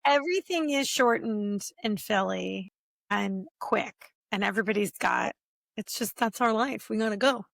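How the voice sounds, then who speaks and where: A woman from Delaware County, Pennsylvania, co-hosting a casual chat over drinks, reacting quickly and laughing often. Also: medium pitch, lively intonation, gravelly, fairly bright tone, dry recording, studio quality. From Delaware County, Pennsylvania, USA. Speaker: podcast co-host.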